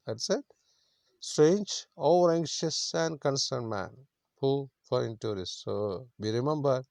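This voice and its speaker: Male teacher, explaining word by word, mid pitch, dry close sound. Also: vocal fry, darkish tone, dry recording. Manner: explains words simply, repeats, many fillers. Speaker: English teacher. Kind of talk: explaining a story lesson. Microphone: screen recording.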